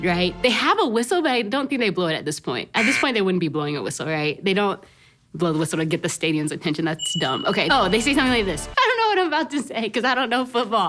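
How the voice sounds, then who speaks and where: A young woman giving a casual youth talk, telling animated stories, laughing often and peppering her speech with "like" and "right?". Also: medium pitch, quick pace, music in the background. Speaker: youth ministry speaker.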